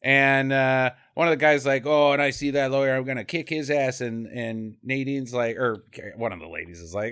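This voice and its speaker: A man's voice: mid-range voice, normal speed, a bit bright, clean tone. A man co-hosting a comedic movie-review podcast, joking around and slipping into silly voices. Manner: jokey, slips into silly voices and hums tunes. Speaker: podcast co-host.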